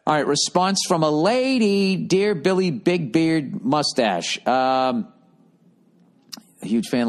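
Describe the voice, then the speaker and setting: A middle-aged man hosting a podcast, giving advice in a profane, sarcastic, rambling monologue. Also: mid-range voice. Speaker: podcast host.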